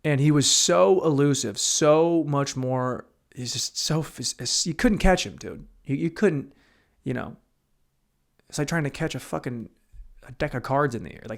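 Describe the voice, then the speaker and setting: A young man hosting a solo podcast, telling rambling, profane stories and breaking into sudden loud outbursts. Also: fairly high pitch, lively intonation, measured pace, gravelly. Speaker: podcast host.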